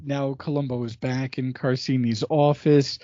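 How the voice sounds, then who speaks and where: A man's voice: medium pitch, steady tone, measured pace, dark tone, dry recording, lo-fi sound. A man co-hosting a podcast in casual chat, talking emphatically and often stressing that he is sure. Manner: emphatic, fond of saying absolutely. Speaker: podcast co-host.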